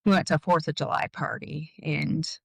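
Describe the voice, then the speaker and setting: A woman guest in an interview, telling a personal story in a halting way, full of "like" and "um". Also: sits low, fairly even intonation, creaky, slightly rough, no room sound, low-quality recording.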